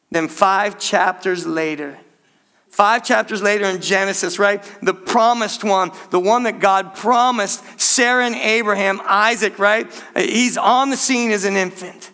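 Middle-aged preacher, man, bright and high-pitched, lively narrative sermon style. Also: a little slow. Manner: animated storytelling, addresses congregation as "church". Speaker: pastor.

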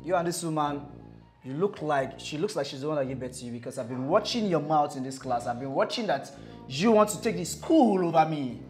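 A woman plays an exasperated principal in a comedy skit, scolding in a quick, animated voice. The room is echoey, with music clearly audible underneath. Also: low-pitched. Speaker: comic playing a school principal.

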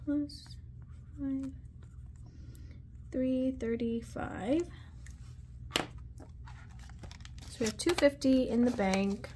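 A woman's voice: high-pitched, very slow, long pauses, warm tone, slight background noise. A woman vlogging at her desk at home, chatting casually while counting cash aloud under her breath with little asides. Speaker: budgeting vlogger.

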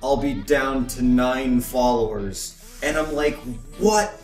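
A man's voice: mid-range voice, slow pace, darkish tone. Young man rambling, far from the mic. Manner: rambling, tells stories with put-on voices. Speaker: podcast co-host. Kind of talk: casual group chat. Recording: roomy, distant mic, guitar music behind.

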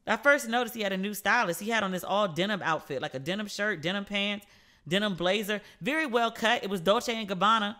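A woman hosting her own podcast and chatting casually, telling gossipy stories in a lively way and acting out the people she quotes. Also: medium pitch, fairly quick. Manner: animated, gossipy storytelling with quoted voices. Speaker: podcast host. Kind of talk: casual solo podcast chat.

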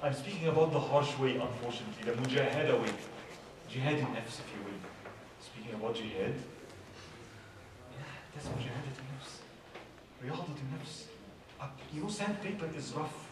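A man's voice: medium pitch, expressive, normal speed, pauses often. Middle-aged male speaker, chatty youth talk full of questions; distant mic, noisy hall. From Egypt. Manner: conversational, asks many rhetorical questions. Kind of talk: informal religious talk. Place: large hall at a religious youth event. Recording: echoey hall, far from mic, background noise.

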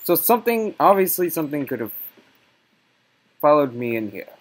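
A man's voice: on the high side, big pitch swings, normal speed, loud music behind the voice. A man playing a horror game and joking in a rambling, casual way while he plays. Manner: jokey, rambling. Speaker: game player. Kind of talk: casual let's-play chat.

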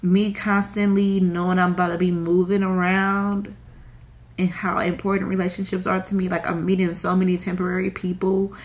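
A woman's voice: fairly low pitch, little pitch movement, moderate pace. A young woman, crying and rambling in a confessional vlog with many fillers. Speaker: vlogger.

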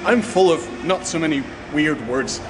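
A man's voice: fairly high pitch, measured pace. Rambling man in a noisy car. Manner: rambling, many fillers, self-correcting, chuckling. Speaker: vlogger. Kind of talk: casual chat while driving. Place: inside a car in town traffic. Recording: car and traffic noise behind.

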